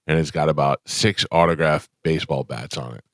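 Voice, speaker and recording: A man's voice: very deep voice, fairly quick, fairly bright tone, dry recording. A man hosting a radio show in the studio, chatting casually and telling rambling stories with lots of fillers. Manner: rambling storyteller, trails off with fillers. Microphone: studio microphone.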